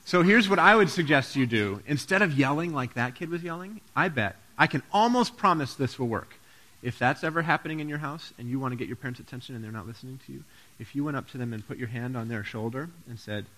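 A man's voice: medium pitch, bright, forceful tone. A man giving a playful children's sermon, asking the kids questions and joking with them. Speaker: pastor.

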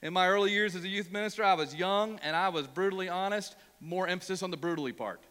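A man's voice: high voice, fast, sharp tone, clean tone, long reverb tail. A male pastor from Ohio preaching a sermon, emphatic and prone to repeating words when worked up.

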